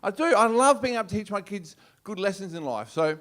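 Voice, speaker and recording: Brash Australian man, high voice. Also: lively intonation, a little fast, fairly bright tone. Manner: brash, swearing, punchy delivery. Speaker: stand-up comedian. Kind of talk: stand-up routine. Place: comedy club stage.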